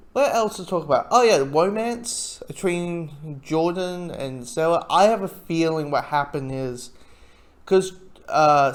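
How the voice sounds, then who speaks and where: A man giving a casual spoken TV review, rambling and breaking off his sentences often. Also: fairly high pitch. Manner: rambling, self-interrupting, chuckles often.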